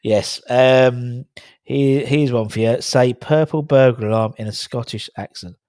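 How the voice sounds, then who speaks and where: A man's voice: medium pitch, fairly even intonation, measured pace, a little mellow, no echo, clean studio sound. A young man, hosting a casual livestream, reading the chat aloud and laughing at tongue twisters. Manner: chatty, laughing at tongue twisters, rambling with fillers.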